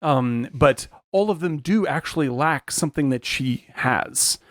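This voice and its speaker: A man co-hosting a film podcast, thinking out loud with frequent fillers and restarts. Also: a little high, expressive, measured pace, dry recording, studio quality. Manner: searching for words, many restarts and fillers. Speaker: podcast co-host. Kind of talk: casual film discussion.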